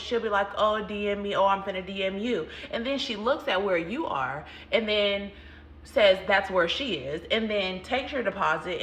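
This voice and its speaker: Woman, salon owner, storytime vlog, animated and chatty, bright forceful voice, roomy echo. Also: a little high. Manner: animated, chatty storytelling that addresses viewers as y'all.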